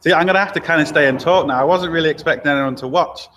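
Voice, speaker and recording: A fairly high-pitched man with a fairly bright tone hosts a live stream from his garage workshop, with a little hiss or hum in the audio. He chats casually with fillers and quick asides, reads viewer comments, and a helper holds the laptop or camera mic.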